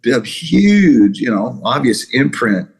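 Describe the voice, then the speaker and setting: A man's voice: mid-range voice, big pitch swings, takes it slowly, vocal fry, slightly rough, poor audio. A man being interviewed as a guest musician, talking loosely and rambling with many restarts. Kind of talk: casual interview chat.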